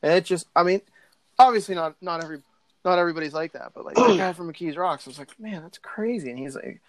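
A man's voice: a little high, quick pace, dry recording. A man in casual chat, rambling with many likes and ums. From Pittsburgh area.

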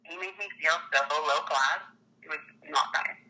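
A woman's voice: deep voice, normal speed, sharp tone, rough recording. A woman telling a story in casual chat, chatty and laughing often. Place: small town.

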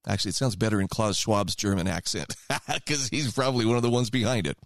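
A man's voice: lowish voice, fast talker, no room sound, clean studio sound. A man hosting a radio talk show, giving opinion commentary in a conversational, emphatic way and reading passages aloud.

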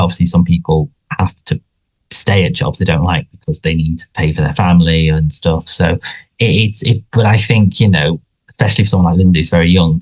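A man's voice: low-pitched, breathy edge. A man co-hosting a casual podcast, talking with lots of fillers, restarts and hesitations. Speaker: podcast co-host.

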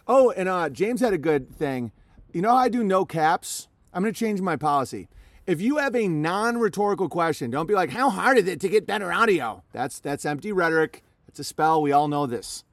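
A man's voice: a little high, no room sound. A man live streaming, talking casually to his chat in a rambling way with many restarts.

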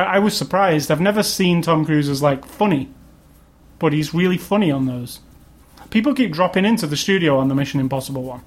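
Man, podcast co-host, casual film chat, rambling, filler-heavy. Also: a little high. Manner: rambling, lots of fillers and restarts.

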